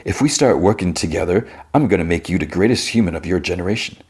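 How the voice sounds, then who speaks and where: A smooth stranger who flatters and tempts, lightly voiced by a man retelling a scene. The voice stays low, with only a slight lift as it quotes. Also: fast talker. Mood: coaxing. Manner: loosely quoting in a slightly raised voice.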